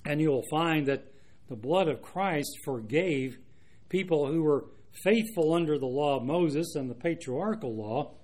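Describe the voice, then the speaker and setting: A man preaching an expository Bible sermon in an earnest, measured way, reading out verses and explaining them. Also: fairly high pitch, darkish tone. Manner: earnest, measured, with frequent restarts and asides.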